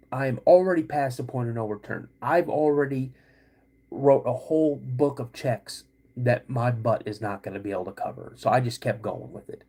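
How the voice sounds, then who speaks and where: A middle-aged man hosting a podcast, telling a personal story in an animated way, acting out quoted voices and calling his listeners "guys". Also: mid-range voice, husky. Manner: acts out quoted voices of his dad and himself. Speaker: podcast host.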